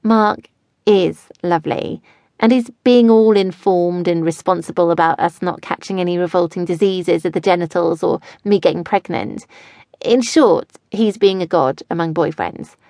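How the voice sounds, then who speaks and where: A woman's voice: fairly low pitch, moderate pace, dark tone, no echo, clean studio sound. A woman narrating a first-person audiobook in a wry, chatty way. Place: studio.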